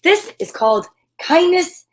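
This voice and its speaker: A woman hosting a children's story time, talking in an upbeat, gentle, affirming way. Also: very high-pitched, sing-song, unhurried, rough recording. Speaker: host reading children's books.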